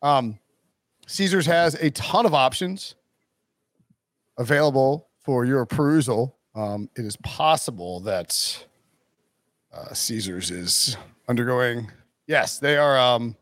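A man's voice: mid-range voice, animated, slow pace, pauses often, a bit bright, no echo, studio quality. A man hosting a casual sports podcast, rambling with lots of fillers and restarts and chuckling as he goes. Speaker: podcast host.

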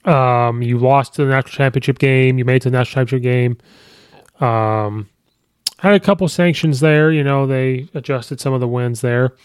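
Recorded dry and at studio quality through a podcast mic, a man with a clear, resonant, medium-pitched voice talks at a moderate pace. Hosting a sports podcast, he casually thinks aloud about coaching records, leaning on ums and you-knows.

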